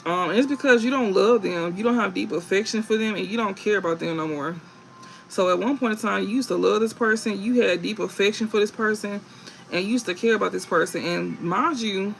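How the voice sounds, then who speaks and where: High, gravelly-voiced man reading tarot. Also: a bit bright, a little hiss or hum, low-quality recording. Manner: blunt, profane, laughs often; emphatic repetition. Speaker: tarot reader.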